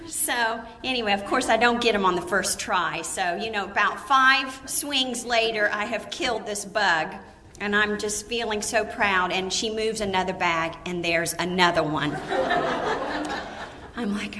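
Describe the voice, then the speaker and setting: A woman giving an animated storytelling talk to a women's gathering, laughing often and acting out the people in her story. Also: mid-range voice, unhurried, a little hiss or hum. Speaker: women's ministry speaker. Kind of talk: storytelling sermon to a live audience.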